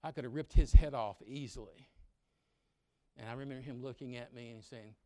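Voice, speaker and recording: A man in his sixties preaching a sermon. He swings from loud exhortation to quiet, personal storytelling and acts out grumbling children in quick asides. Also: medium pitch, fairly even intonation, dry recording. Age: 60s. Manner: preaching loudly with sudden drops to quiet storytelling.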